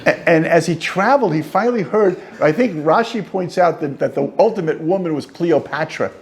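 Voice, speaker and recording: A man teaching an informal class as a rabbi, an animated storyteller who jokes and goes off on asides. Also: fairly high pitch, brisk. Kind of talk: informal lecture. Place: study hall.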